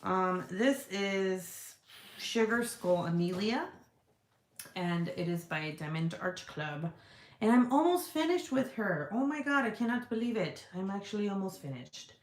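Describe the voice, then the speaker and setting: A woman's voice: mid-range voice, animated, measured pace, reverberant. A woman hosting a casual livestream, reading viewer comments aloud in a rambling, profane, giggly way. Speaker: livestream host.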